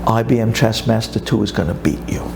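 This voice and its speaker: A man voicing a confident male company representative in sermon storytelling, measured and businesslike. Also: fairly low pitch, creaky, over music, voice pushed down. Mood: persuasive.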